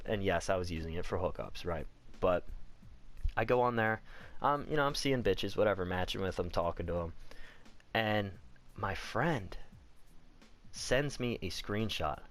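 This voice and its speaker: Young guy with a lowish voice telling a story, cursing a lot, laid back, faint music behind. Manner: blunt, swears freely, animated retelling. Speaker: vlogger. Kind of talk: casual storytelling.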